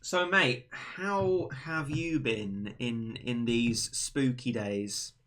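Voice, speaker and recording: A man's voice: mid-range voice, drawn-out words, fairly bright tone. A young man hosting a casual livestream chat, rambling and teasing his friend in a playful way. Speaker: livestream host.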